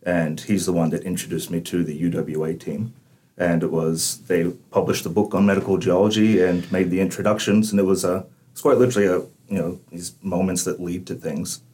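A man's voice: sits low, little pitch movement, fairly quick, darkish tone. A man in his forties from Texas with a Texan accent, chatting easily as a guest in a podcast interview. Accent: Texan with a slight Irish-like lilt. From Texas, USA. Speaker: mining company managing director, guest.

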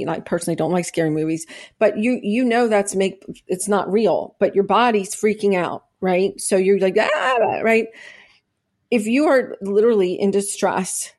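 A woman's voice: medium pitch, a little mellow. A middle-aged woman, a podcast guest, talking earnestly and at length, with many restarts and fillers. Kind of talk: conversational interview, personal testimony.

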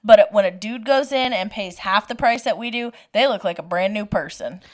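A woman's voice: mid-range voice, a little fast. A woman co-hosting a podcast in casual chat, telling stories animatedly and laughing easily. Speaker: podcast co-host.

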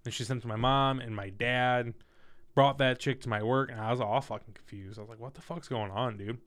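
A young man casually telling a personal story in a candid, profane, animated way. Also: mid-range voice, a little fast.

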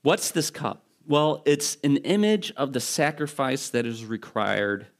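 A man's voice: medium pitch, expressive, measured pace. A male pastor preaching a sermon in a conversational, storytelling way, with asides and restarts.

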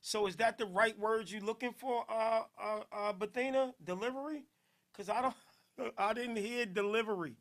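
A man from Newark with a New Jersey accent, hosting a casual podcast, loud and playful, laughing often and shouting out listeners. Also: high voice, moderate pace. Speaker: podcast host.

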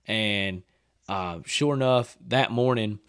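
A man's voice: on the low side, slow, clean tone, no room sound, clean studio sound. A man, telling hunting stories in a casual chat and acting out what people said. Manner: animated storyteller, acts out quotes, laughs often. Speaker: hunting storyteller guest.

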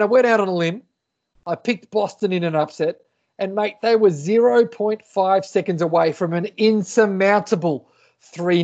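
A man's voice: high voice, a little mellow. A man co-hosting a casual sports chat, talking enthusiastically and building up his points with dramatic lead-ins. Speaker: podcast co-host. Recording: muffled lo-fi audio.

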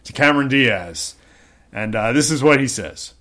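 A man's voice: medium pitch, animated, moderate pace, bright, forceful tone. A young man co-hosting a casual podcast chat, joking and reading posts aloud with bursts of laughter. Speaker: podcast co-host.

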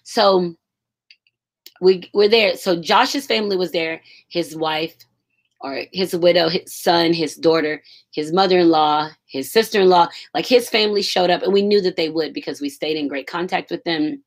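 A woman's voice: lowish voice, moderate pace. Emotional woman telling a story casually. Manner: emotional, animated, casual with swearing. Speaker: school staff member.

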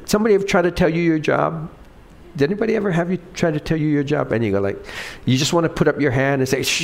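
A man's voice: a little high, vocal fry. A middle-aged male pastor giving a conversational sermon, asking the congregation questions and acting out quoted lines in different voices.

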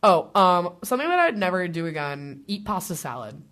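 A young woman co-hosting a casual chat podcast, animated and swearing casually as she acts out quotes. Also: lowish voice, fairly quick. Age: young adult. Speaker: podcast co-host.

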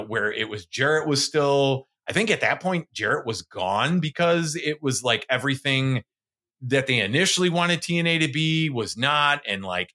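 Bright-voiced laughing podcast host man. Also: medium pitch. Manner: laughs often, restarts in bursts. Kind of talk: casual chat.

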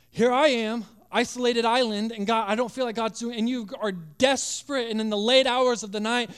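A male pastor preaching a sermon with passion, acting out voices and dropping to a hush at times. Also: very high-pitched, clear, resonant tone. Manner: impassioned, acts out biblical voices, drops to hushed tones.

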